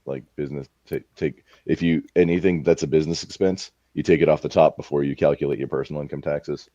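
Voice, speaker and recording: Blunt man, very low mellow voice, dull lo-fi call audio, casual panel chat. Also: fairly even intonation, fast talker, no echo. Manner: blunt, confident about tax tips.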